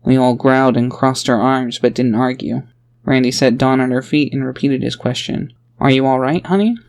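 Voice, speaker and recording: A man's voice: mid-range voice, level tone, moderate pace, gravelly, darkish tone. A man reading a fantasy audiobook aloud in a plain storytelling voice. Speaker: audiobook narrator. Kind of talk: audiobook narration.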